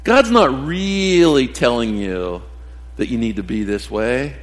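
A man's voice: mid-range voice, lively intonation, takes it slowly. A man voicing a sly male serpent devil who tempts with coaxing, doubting questions, heard with long hall reverb.

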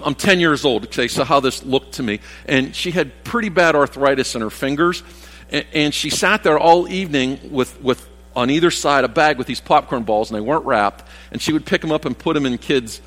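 A man's voice: fairly high pitch, moderate pace, fairly bright tone. A man in his sixties, a pastor giving a rambling, folksy sermon full of restarts and asides. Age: 60s. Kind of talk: conversational sermon. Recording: long reverb of a church hall.

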